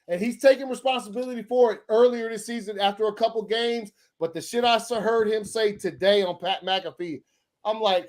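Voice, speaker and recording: Talking a bit fast in a high register, this male podcast co-host goes on a profane, heated sports rant. His speech keeps stalling and restarting with stammers throughout the casual segment.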